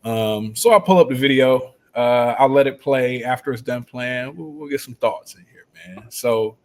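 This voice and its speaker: A man's voice: mid-range voice, normal speed, slight background noise. Laughing, rambling football coach, man. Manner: animated storyteller, laughs often, loose and rambling. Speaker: football coach and show host. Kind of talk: casual live-stream talk.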